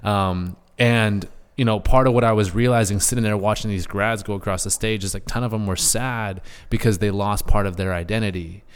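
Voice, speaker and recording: A man hosting a podcast, chatting casually, animated and joking, swearing now and then. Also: on the low side, a little fast, few pauses, clean tone, big-room sound. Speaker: podcast host. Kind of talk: casual interview chat.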